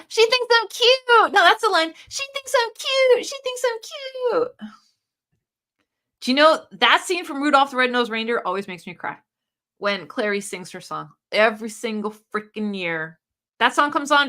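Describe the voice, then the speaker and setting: A woman from the United States hosting a casual livestream, chatting and reading viewer comments aloud in an animated way. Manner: chatty and animated, pitch leaping up and down. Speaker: livestream host.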